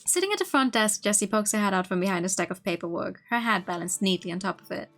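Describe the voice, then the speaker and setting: Expressive woman streamer reading a story game. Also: mid-range voice, fast talker, faint music behind. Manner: expressive narration with laughing asides. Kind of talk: reading a visual novel aloud.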